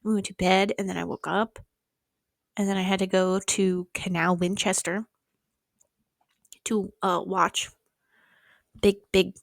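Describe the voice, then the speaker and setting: A young woman in her twenties chatting casually and fast, rambling with sarcastic, sweary asides, speaking into a mic held close to her mouth. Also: medium pitch, flat delivery, creaky, no room sound. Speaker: vlogger. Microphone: close mic held near the mouth.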